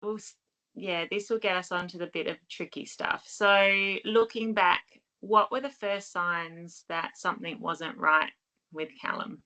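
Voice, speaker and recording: A woman hosting a casual interview who asks gentle, encouraging questions. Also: lowish voice, a little slow, poor audio. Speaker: interviewer, podcast host.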